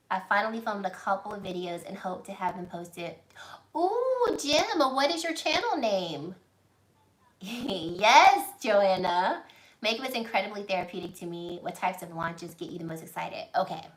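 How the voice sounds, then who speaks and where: A woman's voice: medium pitch, moderate pace. A woman, chatting through a casual livestream Q&A as a beauty vlogger and gushing as she reads viewer comments. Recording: echoey room.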